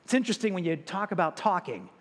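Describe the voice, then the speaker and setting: A man with a high voice delivers a sermon in an emphatic, repetitive way. He lifts his voice when he reads scripture aloud. A long reverb trails behind him, as in a large hall. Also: big pitch swings, quick pace. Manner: emphatic, repeats words, quotes scripture with a raised voice. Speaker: pastor.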